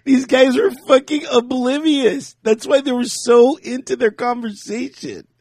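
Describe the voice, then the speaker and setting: A man's voice: extremely high pitch, steady tone, unhurried, darkish tone, dry recording. A man co-hosting a podcast in casual chat, telling rambling stories, laughing often and acting out what people said. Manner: rambling storyteller, laughs often, acts out quotes. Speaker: podcast co-host.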